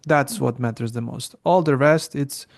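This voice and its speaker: A man co-hosting a language podcast, explaining pronunciation rules in a relaxed, conversational way. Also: medium pitch, moderate pace, creaky. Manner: explains plainly, with fillers and restarts. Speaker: podcast co-host. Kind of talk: casual educational chat.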